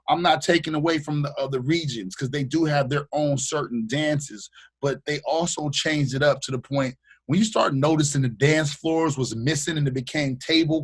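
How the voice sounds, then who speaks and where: A man from the Bay Area, a radio host, chatting as a podcast guest in slangy, animated storytelling style, acting out what people said. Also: on the high side, breathy edge. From Bay Area, California. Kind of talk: casual interview chat.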